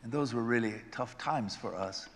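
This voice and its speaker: A man pastor preaching a sermon, swinging from loud exclamations to hushed storytelling. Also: medium pitch, normal speed, long reverb tail, slight background noise.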